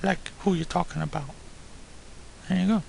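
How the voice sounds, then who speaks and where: A man's voice: high-pitched, moderate pace, vocal fry, darkish tone, a little hiss or hum. A man taking part in a casual spoken lesson, working out his answers aloud in a hesitant way, with many fillers. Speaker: student on the lesson.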